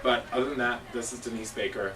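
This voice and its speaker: A man leads a staff training session, his tone casual and joking but emphatic. His voice sits at a middle pitch. The mic is well away from him, and steady background noise fills the room. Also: fast talker. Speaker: cheer coach and judge. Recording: distant mic with noisy background.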